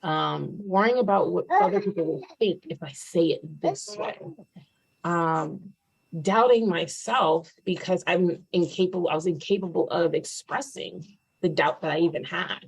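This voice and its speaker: A young adult woman giving a candid personal testimony, with many fillers and animated retellings. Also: fairly low pitch, moderate pace, gravelly, breathy edge. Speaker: testimonial speaker.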